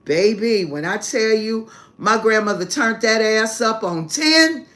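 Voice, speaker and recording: A woman's voice: a little high, lively intonation, unhurried, noisy background. A woman hosting a live stream, telling a family story in casual, brash and profane language, laughing heartily and calling her listeners "baby".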